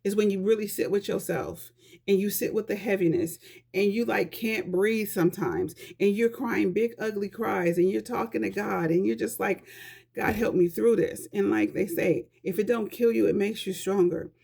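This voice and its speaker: Woman, casual vlog talk, earnest, conversational, speaks straight to viewers, gravelly fry in the voice. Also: medium pitch, moderate pace, warm tone. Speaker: vlogger giving life advice.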